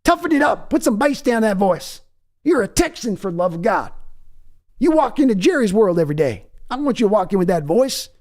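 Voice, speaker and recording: A man's voice: sits high, big pitch swings, brisk, darkish tone, pitched above the performer's own voice. A man doing a cocky blustering old Texan dad. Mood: scolding, mocking. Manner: blustering, scolding, drawling. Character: brash cocky Texan team-owner father, older man.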